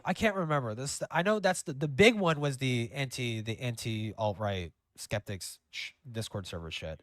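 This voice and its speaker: A man talking off the cuff on a livestream, his pitch swinging up and down a lot as he rambles and swears between fillers. The sound is dry and close, with no room around it. He sits at a middle pitch for a man. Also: animated, normal speed, a bit bright, dry recording. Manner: rambling, profane, with many fillers. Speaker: streamer host. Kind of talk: casual livestream chat.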